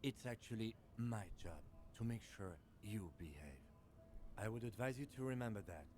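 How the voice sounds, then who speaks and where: A stern, composed police lieutenant from a video game, read out by a man. He speaks in deep, formal, measured sentences. Faint ambient noise sits behind the voice. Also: a little mellow, natural voice. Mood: cold.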